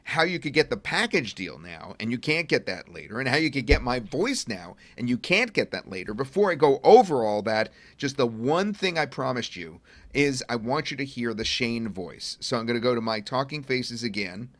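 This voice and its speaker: A middle-aged man at his computer walks viewers through a software demo in an easygoing, talkative way, thinking out loud as he goes. His voice sits at an average pitch and is recorded dry and close. Keys clack now and then in the background. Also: sing-song, normal speed, dry recording. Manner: chatty, thinks aloud while clicking. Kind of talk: casual webinar walkthrough. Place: at a computer desk.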